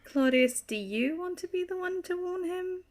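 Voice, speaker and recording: A woman's voice: extremely high pitch, animated, moderate pace. A woman playing a tabletop game, teasing and giggly. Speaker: player.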